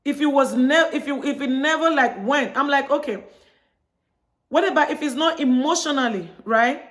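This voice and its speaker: A woman's voice: high-pitched, moderate pace. A woman from Chicago talking straight to her viewers in a casual monologue, telling a story and acting out both sides of the conversation. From Chicago, United States. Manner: chatty storytelling, acts out dialogue. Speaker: vlogger.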